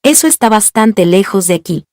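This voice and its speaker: A woman's voice: mid-range voice, lively intonation, fast talker, darkish tone, dry recording, clean studio sound, lightly acted. A female text-to-speech voice playing a computer language tutor, delivering polite, evenly paced conversation prompts. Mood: friendly. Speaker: language practice app voice.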